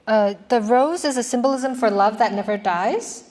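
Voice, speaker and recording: A woman's voice: on the high side, moderate pace, darkish tone. A woman giving a classroom lecture on poetry, explaining patiently and putting questions to her students.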